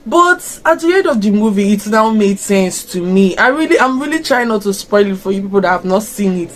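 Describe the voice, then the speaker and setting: A woman's voice: medium pitch, brisk, hardly any pauses. A young woman with a Nigerian accent, giving casual reaction commentary and firing off rhetorical questions. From Africa. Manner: expressive, fires off rhetorical questions. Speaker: reaction vlogger.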